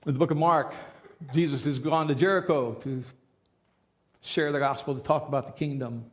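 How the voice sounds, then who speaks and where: A man preaching a sermon as a pastor, talking in a relaxed conversational way and repeating key phrases for emphasis. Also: fairly high pitch, moderate pace.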